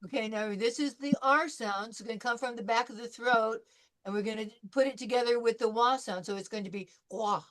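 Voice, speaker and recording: A woman's voice: fairly high pitch, fairly bright tone. Patient woman teacher leading pronunciation drills. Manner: patient, encouraging, calls on students by name; models sounds slowly and repeats them. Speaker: French teacher. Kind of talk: pronunciation drill in a live class.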